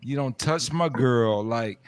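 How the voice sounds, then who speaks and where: A man's voice: mid-range voice, takes it slowly, a little hiss or hum. A man in his early forties telling stories in casual chat, acting out other people's voices as he goes. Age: 40s. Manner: storytelling, acts out quoted voices.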